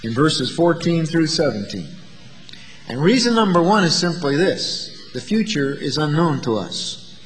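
A man preaching a sermon, asking the listeners rhetorical questions and moving between loud, emphatic lines and quiet asides. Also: a little high, sing-song, a little slow, long reverb tail, soft background music.

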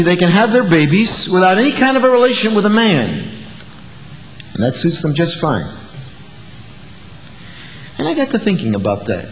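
A man preaching a sermon to his congregation, telling stories with a wry, folksy touch. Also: high-pitched. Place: church sanctuary. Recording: long hall reverb.

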